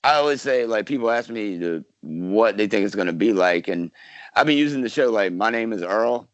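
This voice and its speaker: A man's voice: on the low side, animated, normal speed, no echo, dull audio. A man from South Carolina, an actor guest, chatting casually in an interview with lots of fillers and restarts. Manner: rambling, many fillers and restarts.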